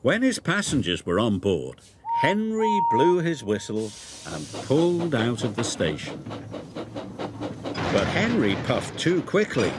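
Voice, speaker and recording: A man narrating a children's train story in an expressive, deliberate way. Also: medium pitch, very noisy. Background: loud background music.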